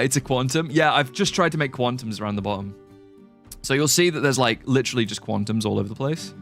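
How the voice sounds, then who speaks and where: Male streamer, animated pitch, chatty with chat, faint music under him. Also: vocal fry. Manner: chatty, reacts to and greets chat. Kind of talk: casual live-stream chat.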